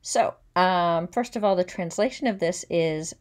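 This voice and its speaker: A woman teacher giving a careful pronunciation lesson. She says each French word slowly and distinctly, then explains it in plain English. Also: lowish voice. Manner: sounds out French words slowly and clearly, then explains them. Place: recording at home or in a classroom with a virtual whiteboard.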